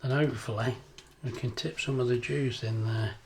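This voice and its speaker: An older man talks casually in his home kitchen, drifting into rambling workplace stories and laughing often. His voice sits at an everyday middle pitch. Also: fairly even intonation, normal speed, a little hiss or hum. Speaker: cooking vlogger. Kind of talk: casual kitchen vlog chat.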